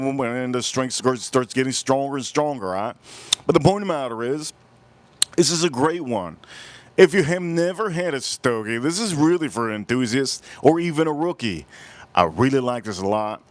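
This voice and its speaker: A man hosting a casual live cigar review outdoors, just woken up, talking in a relaxed way, repeating himself and greeting his chat. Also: medium pitch, no echo. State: groggy morning voice, just woke up. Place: outdoors, windy.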